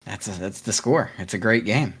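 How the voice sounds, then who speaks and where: A man's voice: on the low side, normal speed, fairly bright tone, breathy edge. A man co-hosting a video game podcast, joking and hyping things up playfully. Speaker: podcast co-host. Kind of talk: casual chat.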